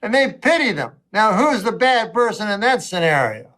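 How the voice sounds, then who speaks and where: A male comedian with a fairly high voice spins a long story in a dry, deadpan way. He stalls on fillers, circles back and lets the pauses sit. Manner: deadpan, halting, full of fillers and asides. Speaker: comedian, talk show guest. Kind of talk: rambling anecdotal storytelling.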